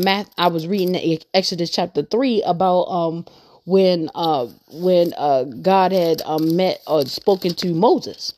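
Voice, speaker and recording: A woman hosting a podcast, talking through her faith in an earnest, rambling way and repeating her points for emphasis. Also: lowish voice. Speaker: podcast host. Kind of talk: casual faith monologue.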